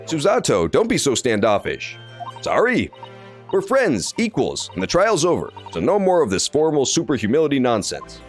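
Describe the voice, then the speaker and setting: Young man, upbeat and cocky, lively pitch, a streamer voicing him; background music. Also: moderate pace. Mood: excited.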